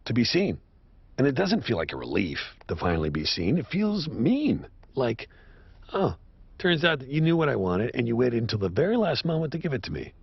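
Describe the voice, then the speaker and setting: An actor voicing a bitter, self-loathing, washed-up horse sitcom star in an animated series, with a sardonic, self-mocking delivery. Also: male voice, a little fast, vocal fry, slightly rough, dry recording, heavily acted. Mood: raw grief. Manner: sardonic, self-mocking delivery with sudden high-pitched outbursts. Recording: dull lo-fi show audio.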